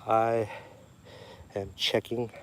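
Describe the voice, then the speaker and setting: A man's voice: fairly low pitch, flat delivery, very slow, fairly bright tone, a little hiss or hum. A man vlogging outdoors on a trail, musing aloud in a rambling, reflective way with many fillers. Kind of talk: casual vlog while out running.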